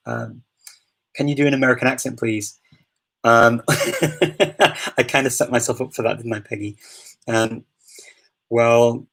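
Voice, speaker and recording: Gravelly Scouse man hosting a live Q&A. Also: mid-range voice, unhurried, long pauses, a bit bright, rough recording. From Liverpool, England. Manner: chatty, laughs often, many ums and restarts. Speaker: host of a live Q&A. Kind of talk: casual live Q&A chat.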